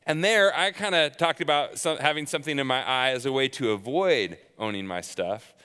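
A man in his thirties gives a sermon in a relaxed, conversational way and mixes in personal stories told with gentle self-deprecating humor. His voice is smooth and resonant at a middle pitch. It carries with a long reverb, as in a large sanctuary. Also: normal speed. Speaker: pastor.

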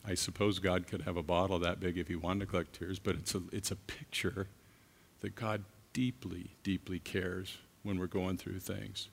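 Gravelly-voiced male preacher in a hall. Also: low voice, little pitch movement. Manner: earnest, halting with repeated restarts. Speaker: guest preacher. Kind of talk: sermon. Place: church. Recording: long reverb of a large hall.

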